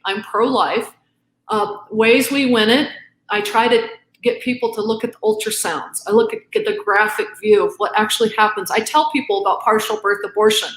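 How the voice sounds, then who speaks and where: A woman's voice: mid-range voice, a bit bright. Emphatic woman in an echoey room. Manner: earnest, emphatic, quotes arguments back and forth. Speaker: interview guest, author. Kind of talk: impassioned interview talk.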